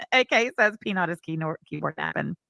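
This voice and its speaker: A woman co-hosting a live stream, reading super chats in quick, giggly, profane chat. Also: mid-range voice, wildly swooping pitch, gravelly, pushed and bright, dry recording.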